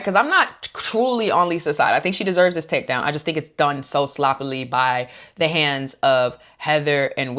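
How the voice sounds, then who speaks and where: Low-voiced chatty woman recapping reality TV. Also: fairly bright tone. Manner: chatty and opinionated, acts out quotes. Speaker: host.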